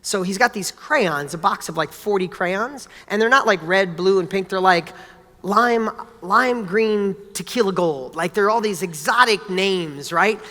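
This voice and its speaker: A man's voice: high voice, a little slow, pushed and bright, in a large hall. A man giving a motivational talk. He tells personal stories in a casual, blunt way and swears now and then. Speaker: motivational speaker.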